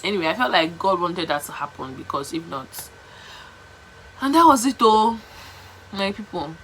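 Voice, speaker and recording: A young Nigerian woman vlogging, telling a story to camera in a chatty, animated way, repeating herself and slipping into pidgin. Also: lowish voice, moderate pace, a little hiss or hum, rough recording.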